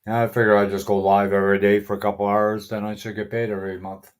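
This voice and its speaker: A man's voice: lowish voice, little pitch movement, quick pace. Chuckling man hosting a casual livestream. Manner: chuckling, greets viewers by name, mild swearing. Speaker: livestream host. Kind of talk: casual live chat.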